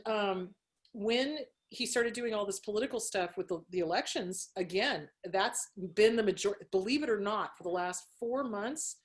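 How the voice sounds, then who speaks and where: A middle-aged woman therapist, a guest on a podcast, talking frankly and animatedly, swearing freely and laughing often. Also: medium pitch. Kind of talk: candid interview chat.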